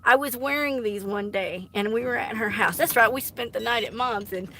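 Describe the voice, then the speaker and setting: A woman's voice: on the high side, normal speed, pushed and bright, a little hiss or hum. A woman chatting casually on a live stream, giggly and teasing, often dropping into embarrassed whispers. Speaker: artist live-streaming to viewers. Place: home art studio.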